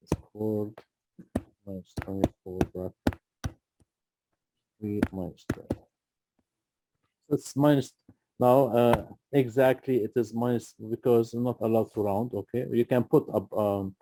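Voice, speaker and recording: A man's voice: lowish voice, a little slow, pauses often, background noise. A man tutoring a student through a math problem, patient and often checking in with "okay?". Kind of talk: live tutoring session.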